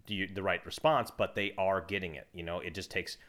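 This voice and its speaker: A man's voice: low-pitched, steady tone, a little fast, a bit bright. A young father in casual podcast chat, easygoing and rambling, often restarting his sentences. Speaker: co-host, father.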